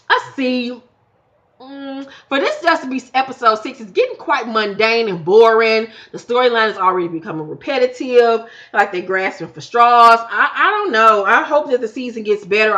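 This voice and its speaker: Bright, profane woman recapping reality TV. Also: fairly high pitch. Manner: animated, profane, acts out quotes. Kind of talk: casual episode review. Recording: dull lo-fi home recording.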